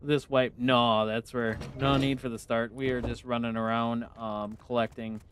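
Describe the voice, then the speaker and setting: A game streamer from the United States with a northern US accent chats casually with his live-stream viewers as he plays, answering their questions with easy laughs. His voice is medium-pitched and level, at normal speed, with a little hiss or hum.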